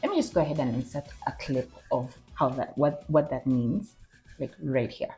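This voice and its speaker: A woman chatting casually in a vlog, animated and excitable, mimicking a chatbot in playful voices. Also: extremely low pitch, normal speed, soft background music. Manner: excitable squeals and laughs. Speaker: vlogger.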